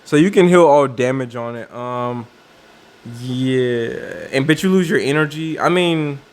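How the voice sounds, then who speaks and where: A man's voice: mid-range voice, animated, unhurried. A man casually commenting on a card game's new cards, thinking aloud with many fillers and restarts. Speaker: card game video creator.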